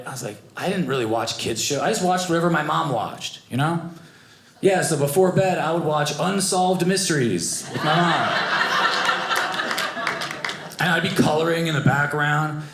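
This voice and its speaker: A young man doing a stand-up comedy set, animated and acting out the people in his stories. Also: medium pitch. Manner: animated, acts out voices of family and strangers. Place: comedy club stage with live audience. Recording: echoey club room, noisy audience.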